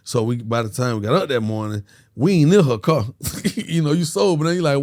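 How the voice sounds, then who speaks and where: A man's voice: mid-range voice, normal speed. A man, a podcast guest telling a story in casual slang and acting out every voice. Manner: animated, slangy, acts out every voice.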